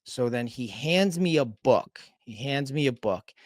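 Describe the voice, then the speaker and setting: Male sobriety coach, mid-pitched and casual, candid storyteller who swears now and then, dry close recording. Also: animated, a little slow, no room sound. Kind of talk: personal recovery story told in conversation.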